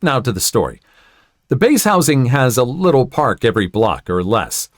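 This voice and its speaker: A man narrates online stories aloud, his pitch moving in lively swings around a mid range. He adds sympathetic comments between readings. The recording is close and dry. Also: moderate pace, no echo. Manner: expressive, sympathetic asides. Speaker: story narrator.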